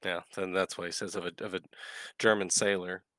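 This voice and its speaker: A man's voice: low-pitched, level tone, a little fast, fairly bright tone, no echo. A man playing in a tabletop role-playing game, explaining his character's moves. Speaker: player.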